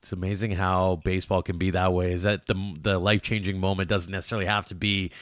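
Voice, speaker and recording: A man's voice: low voice, little pitch movement, quick pace, fairly bright tone, no echo, clean studio sound. A man hosting a podcast interview, asking long, conversational questions. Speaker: podcast host.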